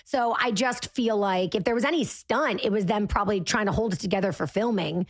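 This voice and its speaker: Co-host: woman with a mid-range voice, slangy and chatty. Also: medium pitch. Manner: chatty, slangy, quick to agree. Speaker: podcast co-host. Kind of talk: casual chat about reality TV.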